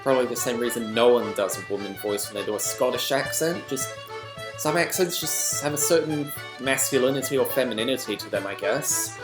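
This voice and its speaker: A man's voice: mid-range voice, brisk, over music. A man with an Australian accent, hosting a reaction video with chatty, rambling commentary and self-deprecating asides. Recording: echoey room.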